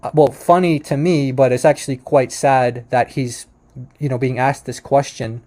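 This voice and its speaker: Mellow-voiced man in rambling commentary. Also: medium pitch, steady tone, normal speed. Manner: rambling, full of restarts and "like", chuckling at claims. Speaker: commentator reacting to debate clips. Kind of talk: casual commentary over a screen share.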